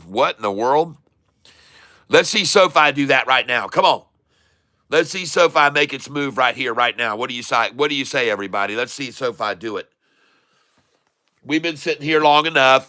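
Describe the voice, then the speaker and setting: A man hosting a casual stock trading livestream, folksy and excitable, chatting to viewers while he trades. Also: mid-range voice, no echo, studio quality. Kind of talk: casual live market commentary.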